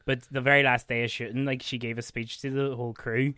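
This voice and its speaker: A man's voice: mid-range voice, flat delivery, fast, bright, forceful tone, clear, resonant tone, dry recording, studio quality. A man in a casual film chat, telling anecdotes and swearing. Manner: sweary, storytelling. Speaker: podcast co-host.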